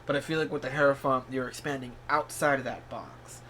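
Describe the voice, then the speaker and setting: A man giving a casual tarot reading in a vlog. He talks in a rambling, encouraging way, full of "like" and "you know", and breaks into sudden high-pitched bursts of surprise. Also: steady tone, a little fast, pushed and bright, slight background noise. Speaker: tarot reader.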